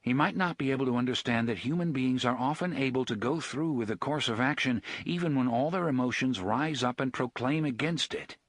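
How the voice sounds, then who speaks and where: A male audiobook narrator with a husky tone and a lively, varied pitch. The recording is dry and close, with no room sound. He reads steadily and expressively. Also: no echo.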